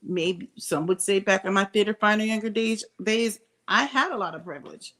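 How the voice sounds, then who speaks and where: A middle-aged woman vlogs candid, opinionated commentary in a casual way, thinking aloud with frequent restarts and asides. Her medium-pitched voice is a bit bright and moves at normal speed.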